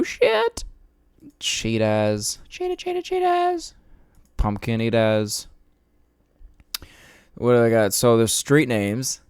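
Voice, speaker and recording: A man's voice: fairly low pitch, a little mellow, smooth, no echo, studio quality. A man hosting his podcast, ranting in a casual, profane, sarcastic and rambling way. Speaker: podcast host.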